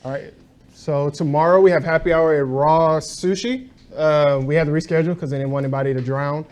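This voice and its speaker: A man's voice: fairly high pitch, fairly even intonation, fairly quick, darkish tone. A man running an office team meeting, reading out announcements and birthdays. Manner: upbeat, reads out announcements.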